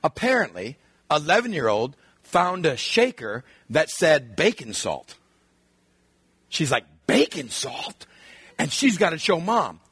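A middle-aged male pastor giving a sermon, telling lively family stories and acting out his children's voices. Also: a little high, measured pace, husky, no echo. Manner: animated storytelling, acts out his kids' voices.

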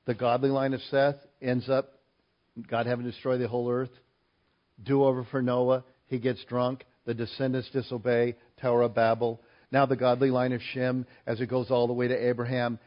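A male pastor delivers a sermon in a medium-pitched voice, hammering his key points with rising force. The recording is somewhat dull and lo-fi. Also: monotone, normal speed.

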